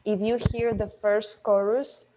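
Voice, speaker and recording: A woman's voice: medium pitch, little pitch movement, unhurried, dark tone, highs cut off, slight background noise. A woman co-hosting a casual podcast chat about a song, talkative and reflective. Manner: talkative, reflective, laughs often. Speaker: podcast co-host.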